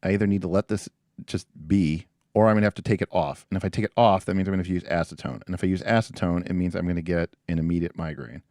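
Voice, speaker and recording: A man's voice: sits low, fairly even intonation, racing, darkish tone, no room sound, clean studio sound. A man hosting a livestream in casual, rambling chat with a self-deprecating, jokey manner. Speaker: livestream host.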